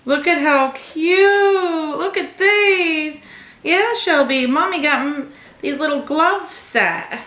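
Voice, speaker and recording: A woman's voice: sits high, slow, fairly bright tone, echoey room. A woman vlogger unboxing a subscription box at home, gushing over each item and cooing to her cat. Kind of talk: casual unboxing chat.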